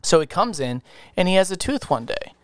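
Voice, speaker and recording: A man's voice: sits high, sing-song, brisk, dry recording, clean studio sound. A man co-hosting a podcast, telling stories in a loose, profane way and laughing often. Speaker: podcast co-host. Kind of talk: casual chat, storytelling.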